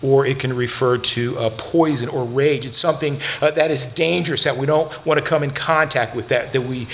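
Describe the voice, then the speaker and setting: A man's voice: mid-range voice, steady tone, moderate pace, a bit bright, slight background noise. A man preaching a sermon as a pastor, earnest and direct, repeating words for emphasis and turning to speak to the children in the congregation. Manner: earnest, repeats words when stressing a point.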